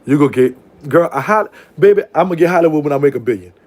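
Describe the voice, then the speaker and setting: Fast-talking sassy New man. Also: fairly high pitch, animated, a little mellow. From New Orleans, USA. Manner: sassy and playful, laughs often, calls people girl and baby. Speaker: call-in show host. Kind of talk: casual live call-in chat.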